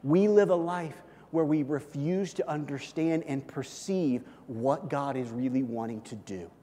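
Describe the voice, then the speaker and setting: Brief: male preacher, slightly high voice, animated and chatty, long church-hall reverb. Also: unhurried, slight background noise. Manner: animated, conversational, repeats "okay?" and "listen". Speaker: pastor. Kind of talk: sermon.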